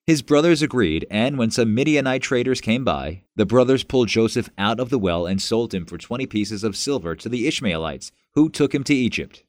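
A man narrating a Bible story in a measured, plain reading. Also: mid-range voice, lively intonation, no echo, clean studio sound.

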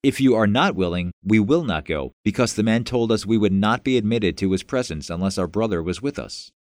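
A man's voice: fairly low pitch, animated, a little fast, no room sound, studio quality, natural voice. A man reading the part of an earnest younger man who reasons with his family, in a Bible story reading.

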